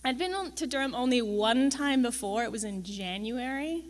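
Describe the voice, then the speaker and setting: In a big event hall with a long reverb, a young campus farm manager chats her way through a presentation to an audience. Her voice sits a little high and sounds expressive at a normal speed, with slight background noise. She keeps it wry, dropping frequent ums and tag questions.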